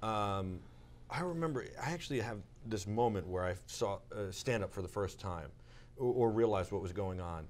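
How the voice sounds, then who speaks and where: Talk show host guy, lowish voice, casual and eager, trips over his words. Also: expressive, normal speed, darkish tone. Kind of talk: casual interview chat.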